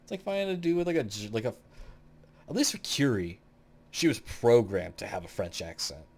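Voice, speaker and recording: A man's voice: mid-range voice, lively intonation, normal speed, gravelly, darkish tone. A young man hosting a casual tier-list video, rambling through blunt opinions with plenty of swearing. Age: young adult. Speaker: gaming video host.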